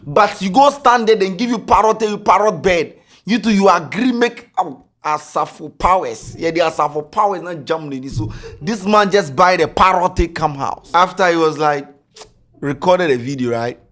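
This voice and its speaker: A Ghanaian man hosting a podcast, telling a comic story in Ghanaian English with pidgin, animated and laughing, repeating words for effect. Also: sits high, normal speed. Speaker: podcast host.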